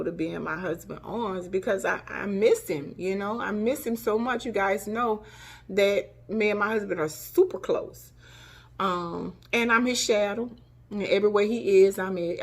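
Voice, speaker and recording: A woman's voice: lowish voice, creaky, breathy edge. A middle-aged woman tells a personal story to camera, emotional, acting out gasps and cries as she recalls them. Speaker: vlogger.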